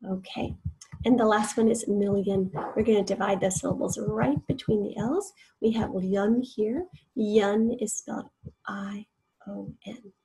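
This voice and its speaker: A spelling teacher, a woman with a soft, very breathy voice and a mellow, darkish tone. She walks through each word patiently, sounding out its parts and explaining the rules as she goes. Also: mid-range voice, steady tone, measured pace, rough recording. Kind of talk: recorded spelling lesson.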